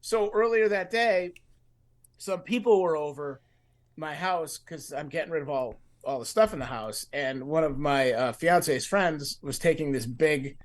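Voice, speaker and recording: A man with a higher-than-usual voice tells a long personal story on a casual podcast. He talks loosely, full of fillers and restarts, and acts out his own past thoughts in lively bursts. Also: a little slow. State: grieving. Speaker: podcast co-host.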